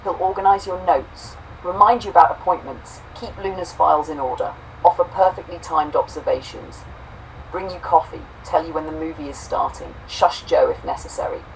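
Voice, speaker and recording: A woman co-host reading a homespun robot story aloud, saying the quote marks out loud, then reflecting warmly on it. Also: sits low, moderate pace, creaky, far from the mic, a little hiss or hum, rough recording. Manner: warm, affectionate, reads quote marks aloud.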